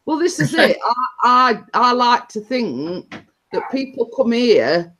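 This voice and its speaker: Chatty woman, high voice. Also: sing-song, slow pace, a bit bright. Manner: chatty, rambling, many fillers and restarts. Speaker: livestream host. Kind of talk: casual live-stream chat.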